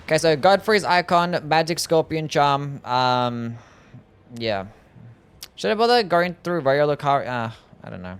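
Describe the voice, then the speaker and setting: A man's voice: medium pitch, animated, measured pace, smooth. A man casually streaming a game live, chatting and answering his viewers in a laid-back way.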